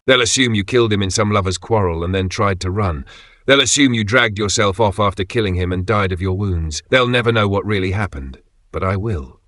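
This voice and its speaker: A man reading the lines of a cold, vengeful woman in a dark narrated story, delivering measured threats. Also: on the low side, dry recording, natural voice.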